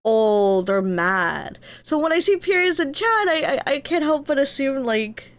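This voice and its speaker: A woman's voice: sits high, brisk. A woman streamer chatting casually on a live stream, telling loose stories with a lot of swearing. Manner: loose storytelling with frequent swearing.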